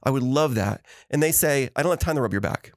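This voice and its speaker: Animated man telling stories, dry sound. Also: mid-range voice, fast talker, dry recording. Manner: animated storyteller acting out quotes. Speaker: podcast co-host. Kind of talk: casual chat.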